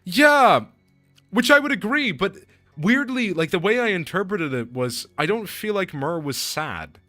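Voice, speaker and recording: Young streamer guy, rambly and excitable, lots of restarts, faint music behind. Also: sits high, a little slow, no room sound. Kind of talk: casual gameplay commentary.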